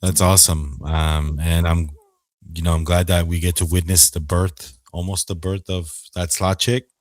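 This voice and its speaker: A man hosting a casual podcast, easygoing and quick to laugh. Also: sits low, flat delivery, no echo. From Armenian heritage. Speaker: podcast host.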